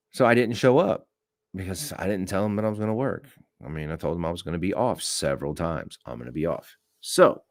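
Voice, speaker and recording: A man's voice: low voice, dry recording, clean studio sound. A man hosting an open-mic podcast, telling a work story in a blunt, profane way and acting out what was said. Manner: blunt and profane, animated retelling with acted-out quotes. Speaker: podcast host. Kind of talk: unscripted storytelling rant.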